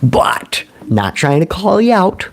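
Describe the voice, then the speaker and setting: A man hosting a recovery livestream in casual talk, animated, laughing often and answering his own questions. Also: fairly high pitch, slow pace, creaky.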